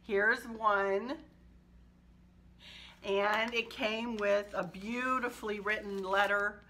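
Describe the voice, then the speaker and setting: A woman's voice: mid-range voice, fairly even intonation, slow pace, pushed and bright, a little hiss or hum. A woman hosting her home decor channel, chatting casually and emotionally to viewers and laughing often.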